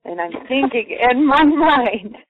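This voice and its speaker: A woman's voice: high voice, slow, no room sound. A woman telling a personal story to a group, acting out the voices of the people in it. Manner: lively, acts out quoted voices. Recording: muffled phone-line sound, dry.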